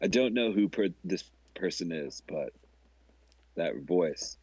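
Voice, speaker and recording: Very deep-voiced rambling young man. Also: expressive, slow pace, a little mellow, dry recording, lo-fi sound. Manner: rambling, hesitant storytelling with fillers. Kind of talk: casual comedic banter.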